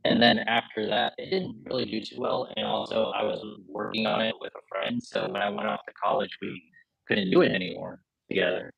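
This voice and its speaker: A man's voice: lowish voice, creaky, dry recording. A young man in his twenties telling stories casually as an interview guest over a video call, laid-back, often quoting himself. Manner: laid-back, frequent uh fillers, quotes himself. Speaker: guest, credit card YouTuber. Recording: dull lo-fi video call audio.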